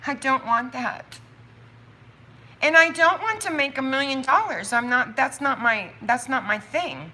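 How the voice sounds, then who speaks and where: A woman chatting on her own live stream about her soap business, thinking out loud with quick asides and laughs. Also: sits high, lively intonation, a little hiss or hum. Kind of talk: casual livestream chat.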